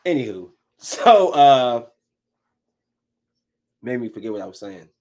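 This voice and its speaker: A man's voice: mid-range voice, takes it slowly. A man telling his viewers a story in a casual, heated rant full of swearing. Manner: profane, heated, animated retelling. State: angry while recounting.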